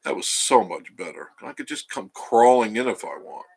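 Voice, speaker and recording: Gravelly-voiced man chatting on a live stream. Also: mid-range voice, expressive, normal speed. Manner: rambling, chatty, self-interrupting. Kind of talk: casual live-stream storytelling, reading chat. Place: home.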